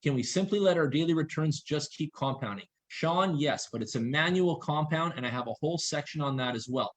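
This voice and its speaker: A man presenting on a video call, reading questions aloud and answering them briskly, repeating his warnings insistently. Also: on the high side.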